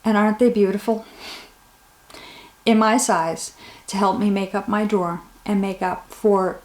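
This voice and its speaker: A woman's voice: mid-range voice, fairly even intonation, a little slow. Casting note: a woman hosting a knitting podcast, chatty and heartfelt, mid-range voice, recorded in an echoey room. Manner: warm, rambling, gets emotional thanking viewers. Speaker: podcast host. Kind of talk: casual knitting podcast chat.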